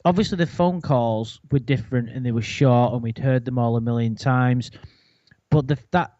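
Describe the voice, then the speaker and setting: A man's voice: mid-range voice, moderate pace, warm tone, no echo. A man hosting a podcast in casual chat, swearing and mocking with dry humour. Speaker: podcast host. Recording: dull lo-fi, dry sound.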